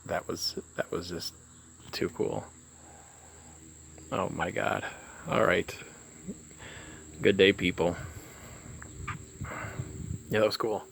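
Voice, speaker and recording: Excitable, nervous man with a gravelly voice. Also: low-pitched, slow pace, long pauses, a little hiss or hum. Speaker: vlogger. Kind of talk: casual vlog commentary. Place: outdoors by flowers.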